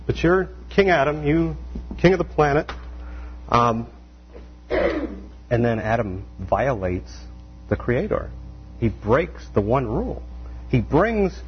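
A man preaching a conversational sermon, animated, full of rhetorical questions and acted-out quotes. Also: medium pitch, slightly rough. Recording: dull lo-fi sound with faint mains hum.

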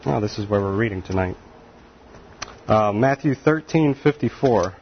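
A man's voice: on the low side, lively intonation, moderate pace. Male pastor, casual preaching style, playful asides; slightly muffled, faint room noise. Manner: folksy, laughs often, acts out quoted voices. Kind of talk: sermon.

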